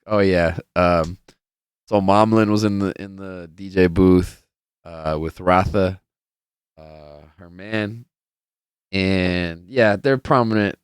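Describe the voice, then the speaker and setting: A man's voice: low-pitched, darkish tone, clean tone, no echo, clean studio sound. A man hosting a casual solo podcast, telling rambling, profane stories full of fillers in a laid-back way. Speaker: podcast host.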